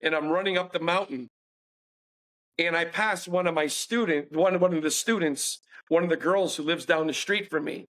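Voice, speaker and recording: A man with a fairly high voice tells a personal story as a podcast guest. He is earnest and confessional and acts out the lines of the people he quotes. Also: moderate pace, a bit bright.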